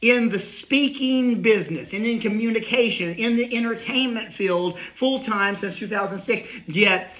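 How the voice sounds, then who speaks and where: Middle-aged male comic, high bright voice, rambling riffs and asides. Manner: rambling, riffing, quick asides. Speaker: comedian and speaker. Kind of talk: comedic monologue.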